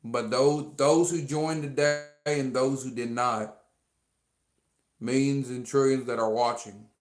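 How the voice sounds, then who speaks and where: On a livestream, a man with a medium-pitched voice talks slowly and with fairly even intonation, rambling, repeating himself, and packing in fillers as he earnestly thanks his fans. The room sounds echoey.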